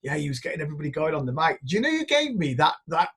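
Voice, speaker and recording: Husky middle-aged guy rambling through stories, kinda high voice, swears a bit. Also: sing-song, rapid-fire, a bit bright. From northern England. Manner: chatty storyteller, rambling anecdotes, swears casually. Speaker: music producer. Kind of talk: casual chat.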